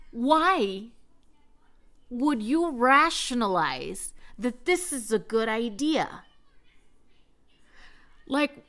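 A woman's voice: mid-range voice, a bit bright. A pregnant young woman telling a personal story in a candid, chatty way, laughing often and swearing now and then. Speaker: vlogger.

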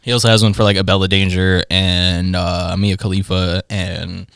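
Young guy podcast host, bright voice, dry close mic, cracking crude jokes. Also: sits low, flat delivery, normal speed, gravelly, clear, resonant tone, no echo. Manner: joking, laughs often, drawls some words. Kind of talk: crude casual banter.

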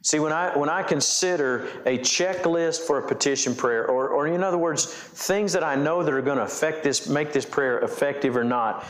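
A man's voice: on the high side, reverberant. A man preaching a sermon as pastor, asking the congregation questions and often repeating and restarting his phrases. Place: church.

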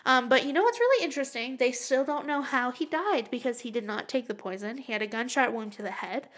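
Bright, animated young woman podcaster. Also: high-pitched, fairly quick. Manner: animated, swearing, trailing off and restarting. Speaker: podcast co-host. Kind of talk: casual chat.

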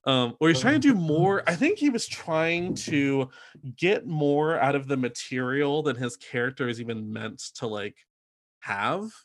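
Man, casual podcast chat, lively pitch, laughs, mocking impressions. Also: measured pace. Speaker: podcast co-host.

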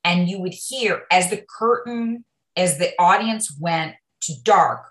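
A middle-aged actress, a guest in an interview, telling rambling stories in a chatty way with many restarts. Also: female voice, medium pitch, takes it slowly, roomy sound. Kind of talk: casual interview chat.

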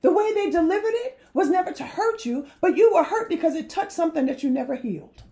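A woman leading a heartfelt faith-based discussion, talking earnestly with a preacher-like cadence and drawn-out emphasis. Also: very high voice, animated, warm tone.

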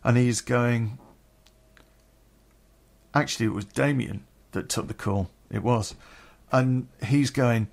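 A middle-aged Englishman recounts an old memory in a candid, rambling way, with plenty of swearing. His voice is gravelly, and he takes his time, leaving long gaps between words. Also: mid-range voice, slow, long pauses, darkish tone. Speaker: podcast storyteller. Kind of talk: personal storytelling.

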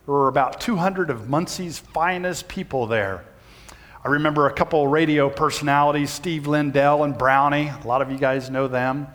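In the reverberant hall of a church sanctuary, a male pastor with a fairly high voice preaches at normal speed with fairly even intonation. He shares a personal story folksily, shouting whenever he reenacts it.

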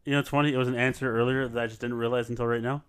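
Easygoing male quizmaster for a friends' podcast, average pitch, reads questions plainly. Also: little pitch movement, racing, a loud crowd. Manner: laid-back, laughing quizmaster. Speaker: quiz host. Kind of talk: casual podcast trivia.

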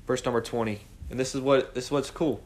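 A man leading a morning Bible study, preaching with lots of rhetorical questions and swinging from quiet asides to loud cries. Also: medium pitch, fast, a little hiss or hum. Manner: animated, fires rhetorical questions at the group.

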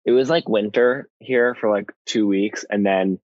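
A man's voice: lowish voice, fairly even intonation, normal speed, darkish tone, no echo, lo-fi sound. A man chatting as a podcast guest, playful and rambling, full of fillers and restarts. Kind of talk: casual chat.

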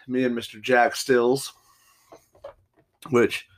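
A man's voice: medium pitch, fairly even intonation, unhurried. A man hosting a solo podcast, telling stories in a rambling, profanity-filled, combative rant. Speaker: podcast host.

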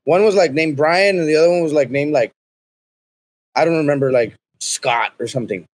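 A man, a podcast guest, telling a rambling, profanity-heavy comedic story in a loose, animated way. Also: a little high, a little fast.

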